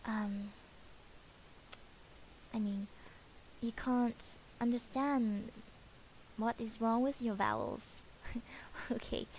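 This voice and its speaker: A Vietnamese-accented woman explains pronunciation in a casual homemade tutorial. Her voice sits a little high and she talks slowly, pausing often and hesitating. Faint hiss runs under her voice. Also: poor audio. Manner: hesitant, many pauses and soft breathy asides.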